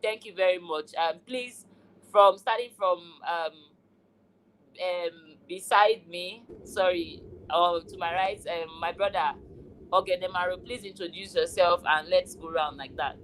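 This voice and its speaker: Nigerian lady hosting a call, lowish voice, lots of ums and pauses. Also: fairly bright tone, a little hiss or hum, poor audio. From southern Nigeria. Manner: measured, many pauses and fillers. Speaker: meeting host. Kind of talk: online community meeting.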